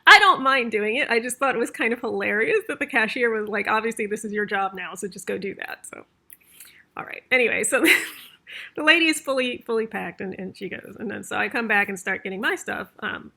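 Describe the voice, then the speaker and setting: Woman vlogger rambling thru a story, bright voice with lots of vocal fry. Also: on the high side. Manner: chatty, rambling with fillers and laughs. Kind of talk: casual storytelling.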